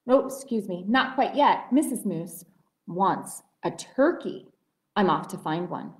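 A hearty male moose from a picture book, voiced by a woman reading aloud. He talks briskly and cheerfully, firm about what he wants. The sound carries the echo of a roomy space. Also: mid-range voice, animated, natural voice. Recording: roomy echoey room.

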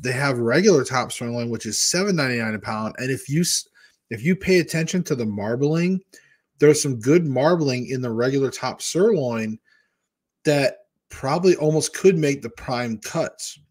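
A man vlogging in a casual, rambling way, talking things through with fillers and restarts. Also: mid-range voice. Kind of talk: casual chat.

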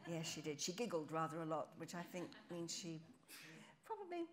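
A woman's voice: sits low, little pitch movement, a little fast. A woman hosting a public lecture, introducing the speaker in a chatty, teasing way. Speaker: event host. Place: lecture hall.

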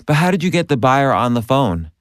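A man's voice: mid-range voice, very animated, brisk, no room sound, clean studio sound. A man hosting an interview, asking curious, probing follow-up questions. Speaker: podcast host. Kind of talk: interviewing a guest.

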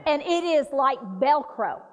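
A woman dementia care trainer giving a lively talk, acting out patient voices. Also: high-pitched, measured pace. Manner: animated, acts out patient voices. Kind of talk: lively training talk with role-play demonstrations. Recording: dull roomy hall recording.

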